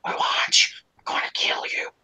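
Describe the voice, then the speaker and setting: A man voicing a menacing demon that whispers from the dark, in an unvoiced, breathy whisper. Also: moderate pace, dry recording.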